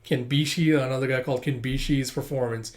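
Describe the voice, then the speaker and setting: A man's voice: mid-range voice, fairly even intonation, brisk. A man doing a casual read-through of a manga chapter, chatty, with asides and laughs.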